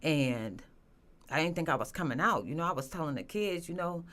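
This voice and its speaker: A woman's voice: low voice, expressive, a little fast, fairly bright tone. Woman, interview guest, candid, earnest storytelling. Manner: earnest, candid, many "you know" fillers. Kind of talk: emotional personal storytelling.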